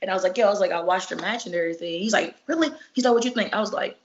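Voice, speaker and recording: A woman, a professional wrestler, telling stories in a casual interview, animated and profane, acting out each exchange. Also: mid-range voice, very fast. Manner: animated, profane, acts out dialogue. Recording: muffled lo-fi recording.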